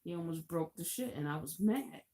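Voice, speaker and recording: A woman's voice: fairly low pitch, animated, brisk, dark tone. A woman live-stream host casually telling a long anecdote, chatty and laughing easily. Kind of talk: casual storytelling.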